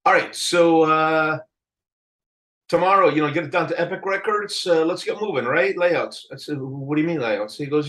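An older man telling a story in a casual interview, animated, acting out the people he quotes and laughing often. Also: on the high side, fairly quick, rough recording. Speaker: album cover artist telling a story.

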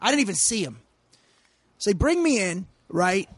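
A man's voice: sits high, big pitch swings, moderate pace, husky, no room sound. A man in his forties telling a profane story in casual podcast talk, acting out the people he quotes. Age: 40s. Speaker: comedian guest.

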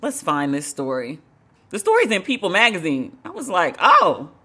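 A woman's voice: lowish voice, wildly swooping pitch, moderate pace, pushed and bright. A woman podcast host giving casual, blunt commentary on celebrity news, swearing and joking wryly as she reads. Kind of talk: casual pop culture commentary.

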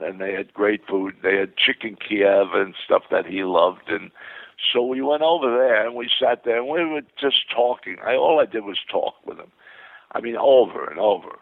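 An older man spins long anecdotes as an interview guest, his gravelly voice tumbling through restarts and repeated words. The sound is dry and thin, like a phone line. He talks at a middling pitch, carried along by excitement. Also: dry recording. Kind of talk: rambling anecdotal storytelling.

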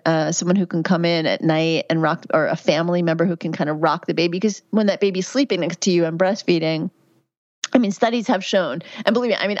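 A woman in her fifties talks frankly in an interview, with plenty of fillers and a somewhat low voice. The audio is a little dull and muffled. It sounds dry and close, with no room to it. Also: a little mellow, no room sound. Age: 50s. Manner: candid, chatty, frequent fillers. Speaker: guest, physician and midwife. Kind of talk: podcast interview.

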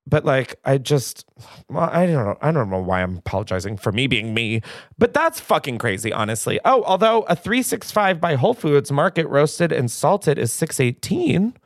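A man's voice: mid-range voice, big pitch swings, moderate pace, dry recording, clean studio sound. A young man hosting his own podcast, chatting casually in a rambling, self-deprecating way with lots of asides. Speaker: podcast host. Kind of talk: casual solo podcast chat.

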